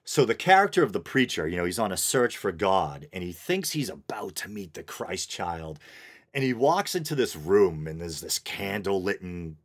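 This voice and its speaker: A man's voice: low-pitched, sing-song, normal speed. A man hosting his own podcast, rambling casually with fillers and chuckles. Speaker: podcast host. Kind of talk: casual solo podcast monologue.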